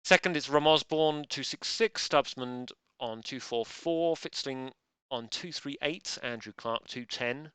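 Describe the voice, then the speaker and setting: A man's voice: mid-range voice, a little slow, sharp tone, clear, resonant tone, no echo. A man hosting a live online quiz, joking drily and rambling. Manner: dry, rambling, self-deprecating jokes. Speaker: quiz host.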